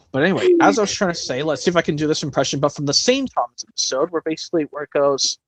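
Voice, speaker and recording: Animated streamer with rambling delivery. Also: medium pitch, dry recording. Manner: rambling, self-correcting, quick bursts. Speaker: stream host. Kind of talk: casual chat and storybook reading.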